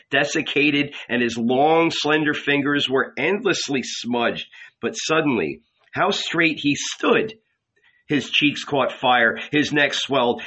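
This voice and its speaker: A male narrator reads an audiobook in a measured, dramatic way. His voice is bright and clear-edged, and his pace is unhurried. The recording sounds somewhat dull and lo-fi. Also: mid-range voice.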